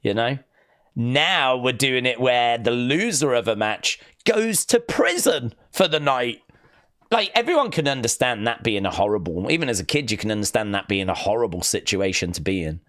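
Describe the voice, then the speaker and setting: A man's voice: medium pitch, sing-song, normal speed, fairly bright tone, dry recording, studio quality. A man hosting a wrestling live stream, chatting casually and rambling through fond memories with plenty of fillers. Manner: rambling, reminiscing, with fillers and acted-out quotes.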